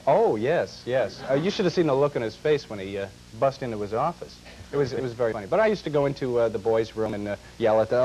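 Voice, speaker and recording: A man's voice: mid-range voice, lively intonation, fast talker, dark tone, poor audio. A man in his twenties, a chatty, self-mocking impressionist, interviewed as a talk show guest. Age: 20s.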